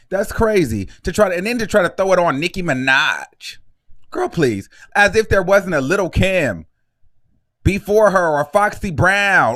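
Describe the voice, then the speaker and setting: Brief: high-pitched male gossip host, sassy and outspoken, dry close sound. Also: pushed and bright, no room sound. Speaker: celebrity gossip commentator. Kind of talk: casual commentary vlog.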